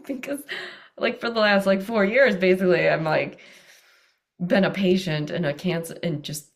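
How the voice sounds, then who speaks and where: A woman in her thirties telling her story as an interview guest, animated and laughing often, jumping up in pitch when she quotes herself and others. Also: normal speed. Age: 30s.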